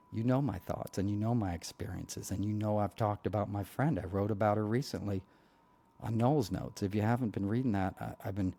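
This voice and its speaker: Blunt heated man with a mellow, low voice. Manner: blunt, heated, rambling with frequent "you know". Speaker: podcast host. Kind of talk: casual political monologue.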